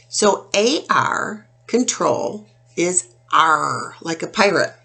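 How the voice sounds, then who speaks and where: Slow-spoken woman teaching phonics. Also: mid-range voice, big pitch swings, bright, forceful tone. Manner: slow, clear, drawn-out sounding of words. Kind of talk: phonics lesson for young children.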